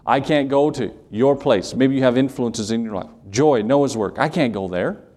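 A man's voice: medium pitch, normal speed, a little mellow. A man preaching a sermon as pastor, emphatic and repetitive, putting questions to his congregation.

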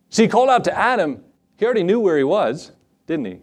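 Animated male preacher, lively pitch. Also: fast, breathy edge. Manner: animated, acts out Bible scenes in voices. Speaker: pastor. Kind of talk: sermon.

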